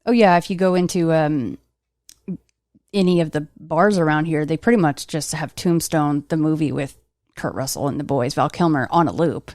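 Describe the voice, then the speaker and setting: A woman hosts a podcast in easygoing conversation, quick to poke fun at herself. Her voice sits very low for a woman. The sound is dry and close, with no room around it. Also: a little mellow, no echo. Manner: chatty, self-deprecating, laughs often. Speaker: podcast host. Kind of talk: casual interview chat.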